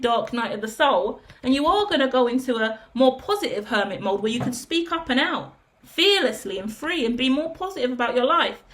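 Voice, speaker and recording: Female tarot reader, slightly high pitch. Direct and coaching, talks in long repetitive lists. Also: fairly bright tone. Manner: direct and coaching, with frequent "yeah?" tags; lists things in rapid repetition. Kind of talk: direct-to-camera tarot reading.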